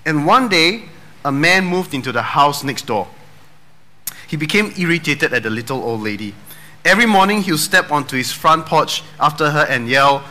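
A man's voice: a little high, lively intonation, moderate pace, sharp tone. A man preaching a sermon in a casual, joking way, tossing in dad jokes and asking rhetorical questions. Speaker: pastor.

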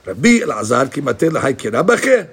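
A man's voice: mid-range voice, sing-song, fast talker, husky. A middle-aged man, a rabbi, gives an informal Torah class, talking conversationally with digressions and many restarts.

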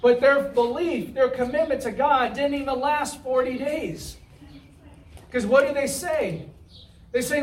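Male preacher, very high voice, conversational sermon, recorded from a distance. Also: measured pace, a little hiss or hum. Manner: conversational, asks the room "right?"; acts out the Israelites' complaints in a whiny voice. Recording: roomy, from far off the mic.

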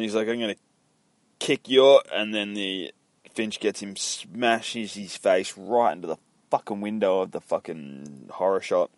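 A man's voice: lowish voice, dry recording, studio quality. A young man casually retelling a comic book story in a loose, rambling, profane way.

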